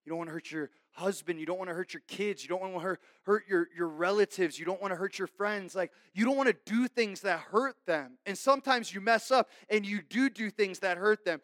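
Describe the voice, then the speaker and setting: High-voiced man preaching an earnest sermon. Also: fairly quick, hardly any pauses, no echo, clean studio sound. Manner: earnest, conversational preaching with frequent "okay?" check-ins; swings between emphatic raised lines and soft, low asides. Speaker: pastor.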